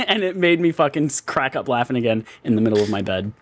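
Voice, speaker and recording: Animated, giggly podcast host man. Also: mid-range voice, normal speed. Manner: giggly, animated storytelling with bursts of laughter. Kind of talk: casual podcast banter.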